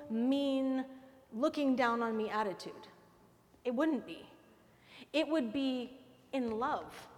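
A woman preaches a sermon in a high voice and a warm, conversational manner, often turning to her listeners with "right?". Her voice rings out with a long reverb from the hall.

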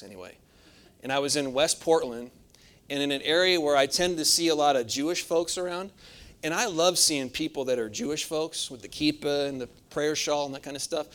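A man's voice: on the high side, fairly bright tone. A man preaching a sermon, telling a personal anecdote in a folksy way, often asking for an amen. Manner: folksy storytelling with frequent laughs and calls of amen. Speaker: pastor.

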